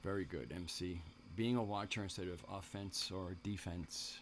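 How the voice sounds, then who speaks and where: A man's voice: low-pitched, moderate pace, a little hiss or hum. A man hosting a live stream, talking casually in a rambling way, with many restarts and asides to his viewers in the chat.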